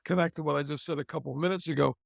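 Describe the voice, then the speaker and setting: A man's voice: a little high, steady tone, very fast, gravelly, dry recording. An older man being interviewed about his career, chatting casually and repeating phrases for emphasis. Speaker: interview guest, TV host and author.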